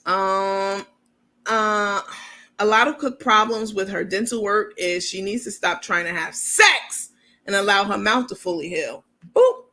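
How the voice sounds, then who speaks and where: Here a New York-accented commentary host, an adult woman with a college education, rambles casually as if on a livestream while reading comments from viewers. Her voice sits in the middle range, with vocal fry and a sharp edge.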